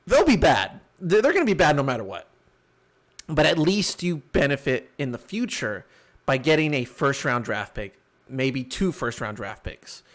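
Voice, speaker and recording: A young man co-hosting a sports podcast in casual chat, animated and quick to laugh loudly. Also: medium pitch. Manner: animated, laughs loudly, breaks into mock impressions. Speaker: podcast co-host.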